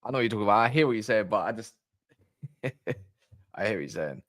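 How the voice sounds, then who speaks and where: A man's voice: on the low side, expressive, fast talker, a bit bright, dry recording, clean studio sound. Blunt, rambling male fan host. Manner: blunt, rambling, swears freely. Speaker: football fan channel host. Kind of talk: casual live-stream commentary.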